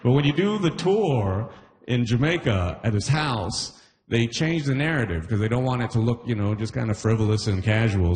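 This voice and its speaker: A man doing a stand-up comedy set on a theatre stage into a handheld mic, animated and jumping into silly voices for his bits. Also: medium pitch, moderate pace.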